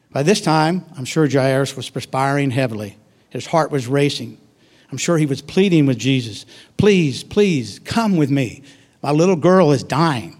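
A man preaching a sermon and reading scripture, acting out voices and swinging from loud to soft. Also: medium pitch.

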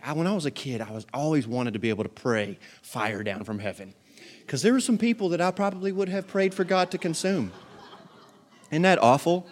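A man preaching a sermon as pastor, telling Bible stories with jokes and acted-out quotes. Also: medium pitch. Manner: lively, joking storyteller who acts out quotes.

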